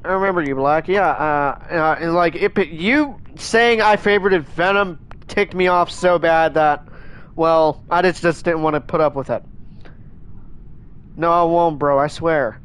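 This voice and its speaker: A man streaming a game live, chatting in a rambling, excitable way and scolding his chat, with many restarts. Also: a little high, unhurried, clean tone.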